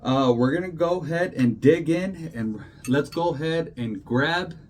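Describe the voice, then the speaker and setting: Slightly high and a bit slow, with a darkish tone, this cooking channel host talks to viewers in a relaxed, chatty way, often asking "okay?". The recording is rough, with some background noise.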